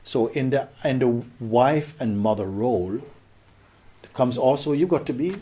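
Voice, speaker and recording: A man giving a contemplative spiritual talk as a teacher, gentle and questioning, often sinking into a whisper. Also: mid-range voice, animated, a little slow, slightly rough.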